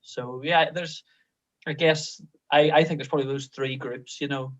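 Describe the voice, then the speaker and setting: A pastor answers questions in a thoughtful, measured way, often restarting his sentences. His voice is slightly high for a man. The sound is dull and lo-fi. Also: steady tone. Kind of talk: casual interview answers.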